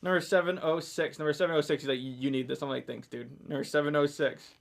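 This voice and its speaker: A man's voice: on the high side, steady tone, fast talker, vocal fry. A man hosting a live sale, calling out lot numbers as he chats casually about family life. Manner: calls lot numbers between chatty family stories. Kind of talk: casual chat between lot calls.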